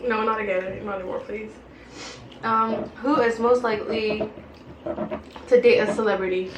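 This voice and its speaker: A woman's voice: mid-range voice, fairly even intonation, a little slow. A young woman hosting a casual chat over a meal, giggly and eating as she reads out questions. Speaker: host. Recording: echoey room with background noise.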